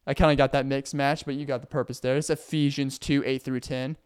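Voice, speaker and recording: Young guy from arkansas rambling to camera, smooth clear voice, sarcastic, lots of um and like. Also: medium pitch, level tone, a little fast. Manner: rambling, sarcastic, acts out mock voices of passive aggressive people. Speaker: vlogger. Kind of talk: casual monologue to camera.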